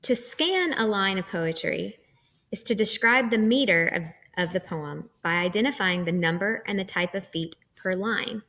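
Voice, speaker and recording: A woman's voice: medium pitch, animated, normal speed, pushed and bright. A woman teacher talks through a recorded lesson, patient and methodical. She explains each term step by step in a mid-range voice. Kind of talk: recorded lecture.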